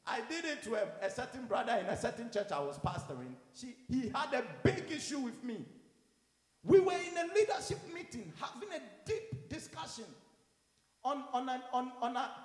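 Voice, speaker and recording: Animated preacher man in an echoey hall. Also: extremely high pitch, moderate pace. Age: adult with children. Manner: animated, swings from quiet to loud, acts out quotes. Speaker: pastor. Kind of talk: sermon.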